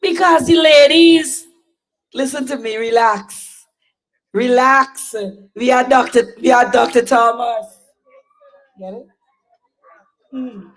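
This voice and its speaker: Slow, high-voiced woman emceeing. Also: low-quality recording. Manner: chatty, playful with the crowd. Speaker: rally emcee. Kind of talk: casual stage hosting.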